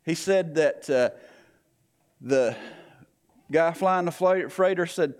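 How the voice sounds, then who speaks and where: A man's voice: fairly high pitch, slow, a little mellow. A man, telling a story in a sermon in a folksy way, repeating "he said" and "I went".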